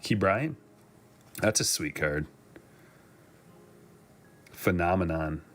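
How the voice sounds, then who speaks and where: Low-voiced man chatting through a card break. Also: slow pace. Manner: chatty, joking asides while opening packs. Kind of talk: casual live-stream commentary.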